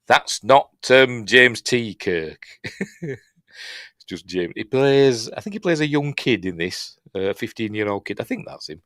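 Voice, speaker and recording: A man's voice: medium pitch, very animated, unhurried, fairly bright tone, no room sound, clean studio sound. A man with a Yorkshire accent hosting a casual, rambling film review, chatty and self-mocking with lots of fillers and restarts. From Yorkshire, England.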